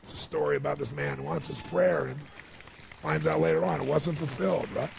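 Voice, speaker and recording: Gravelly man telling an emotional story. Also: a little high, a little fast, slight background noise. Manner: emotional, rising to excited passion. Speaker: motivational speaker. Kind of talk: motivational storytelling speech.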